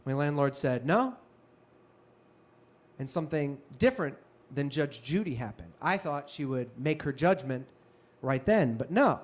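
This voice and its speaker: A young man telling a comic story on stage, animated and breaking into loud shouted bits. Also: mid-range voice, moderate pace. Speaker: comedian. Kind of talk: stand-up storytelling.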